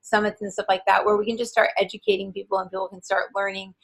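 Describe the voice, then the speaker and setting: An animated woman in her forties talks enthusiastically as an interview guest and scatters filler words through her sentences. Her voice is husky and breathy. Her pitch sits in the middle of the range. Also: fast talker, rough recording. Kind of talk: casual interview chat.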